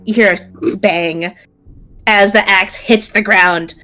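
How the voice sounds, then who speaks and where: A woman's voice: medium pitch, slow. Woman narrating a tabletop game. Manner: lively, casual narration with fillers. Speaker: game master.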